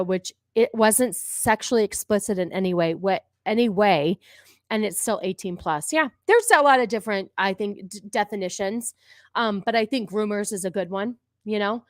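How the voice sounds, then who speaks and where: A woman's voice: mid-range voice, no room sound, studio quality. Ranting woman in her forties. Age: 40s. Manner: sarcastic, profane, ranting. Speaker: streamer host. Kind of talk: live-stream commentary on videos.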